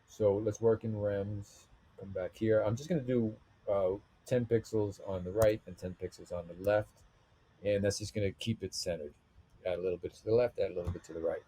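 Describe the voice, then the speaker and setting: A man's voice: on the low side, fairly even intonation, brisk, warm tone, slightly rough. A man narrating a screen-recorded web design tutorial, thinking aloud as he clicks through menus and settings.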